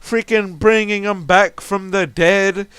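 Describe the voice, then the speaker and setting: A man's voice: high voice, fairly even intonation, slow, a bit bright, clean tone, dry recording. A young man at home ranting about a tabletop game, exasperated and swearing, often stumbling over restarts. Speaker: storyteller recounting a tabletop game. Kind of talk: ranting storytelling monologue.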